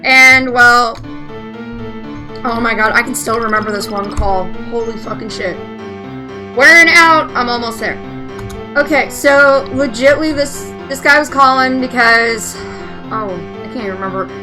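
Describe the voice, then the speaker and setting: A woman's voice: a little high, moderate pace, music in the background. A woman telling a story in a profane, chatty way while playing a game. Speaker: let's play gamer. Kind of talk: casual storytelling while gaming.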